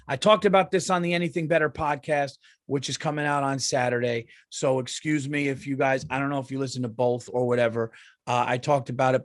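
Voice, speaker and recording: A man's voice: medium pitch, no room sound, clean studio sound. A man, a comedian hosting his podcast in a heated, profane ranting monologue. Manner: profane, heated, mocks people in quoted voices.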